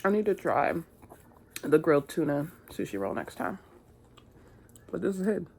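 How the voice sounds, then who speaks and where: A woman's voice: sits low, very animated, moderate pace, gravelly, a little mellow, a little hiss or hum. A woman vlogging in a casual, chatty way, laughing often and talking while she eats. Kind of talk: casual vlog chat.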